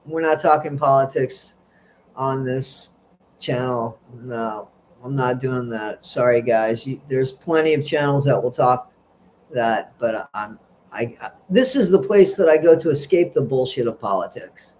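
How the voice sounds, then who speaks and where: A man's voice: medium pitch, unhurried, a little mellow, a little hiss or hum. A middle-aged man hosts a casual livestream, reading out viewer comments and gossiping in a rambling, chatty way. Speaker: livestream host.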